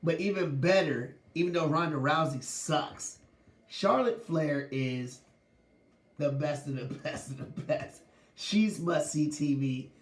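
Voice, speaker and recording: A man's voice: a little high, slow, roomy sound. A man hosting a sports podcast, talking casually with lots of slang and laughing as he goes. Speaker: podcast host.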